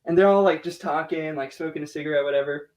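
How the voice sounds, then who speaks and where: An American man, a podcast guest, tells a casual story at a quick pace in a fairly high voice. He's animated, laughs often, swears freely and uses lots of filler words. The recording has its highs cut off.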